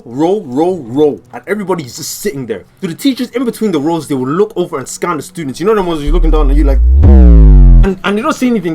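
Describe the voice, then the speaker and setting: Animated young man telling a story. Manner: swings from low hushed narration to loud squealing mock panic. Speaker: vlogger. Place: room at home. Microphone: laptop camera mic.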